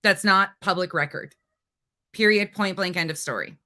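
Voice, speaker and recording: A woman with a lowish voice hosts a livestream, speaking at a normal speed in a sharp tone. She rants angrily and profanely at a rival, taunting her throughout this heated tirade.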